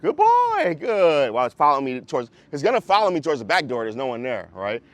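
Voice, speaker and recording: A man's voice: mid-range voice, big pitch swings, very fast, a bit bright, dry recording. Guy dog trainer explaining stuff to his class on a call, super chill, keeps asking if you follow. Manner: conversational, keeps checking in with listeners. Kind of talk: casual coaching in a group class.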